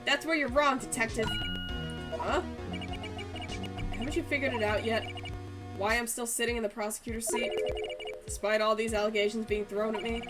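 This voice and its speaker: A woman reading aloud the smug, quick lines of a male prosecutor. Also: fairly high pitch, fairly even intonation, natural voice. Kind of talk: reading game dialogue aloud. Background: game music.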